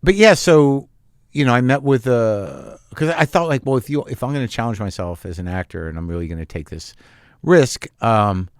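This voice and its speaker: A man in his fifties, a guest comedian and actor, talking in a halting, self-deprecating way with many restarts. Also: mid-range voice, expressive, clean tone, no echo, clean studio sound. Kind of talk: casual interview chat.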